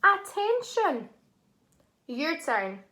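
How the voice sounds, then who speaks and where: A woman teaching a phonics lesson to young children, sounding out words syllable by syllable and praising them warmly. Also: very high voice, very animated, extremely slow.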